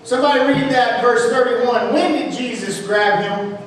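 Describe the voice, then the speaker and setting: A man's voice: very high voice, normal speed, a bit bright, a little hiss or hum. A man preaching a fervent sermon in church, throwing questions to his congregation as he goes. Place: church sanctuary. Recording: echoey church hall from far off.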